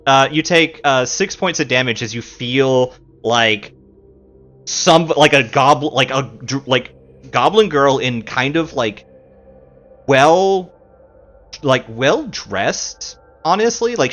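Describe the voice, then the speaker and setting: Rambling male game master on a muffled stream mic, soft background music. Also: mid-range voice. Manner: rambling, many fillers. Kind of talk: narrating a tabletop game. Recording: dull lo-fi sound with faint music.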